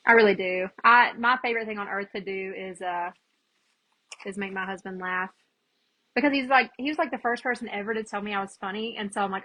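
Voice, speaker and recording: A woman's voice: mid-range voice, fairly quick, bright, forceful tone, rough recording. A chatty woman, hosting a casual live crafting demo and greeting viewers by name as she works. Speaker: craft livestream host.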